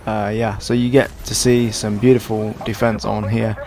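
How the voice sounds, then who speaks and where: Young male gaming commentator, tired and hoarse, gravelly, self-deprecating rambler. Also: fairly low pitch, little pitch movement, normal speed, darkish tone, a little hiss or hum. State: hoarse, sore throat. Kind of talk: casual gameplay commentary.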